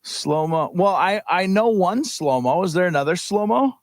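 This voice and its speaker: A man's voice: high-pitched, animated, moderate pace, dry recording. A man co-hosting a morning sports radio show, chatting casually, laughing easily and musing aloud while he guesses.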